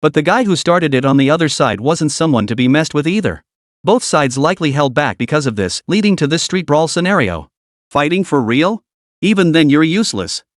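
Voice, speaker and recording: Lively man narrating a story. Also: fairly high pitch, a little fast, no echo, studio quality.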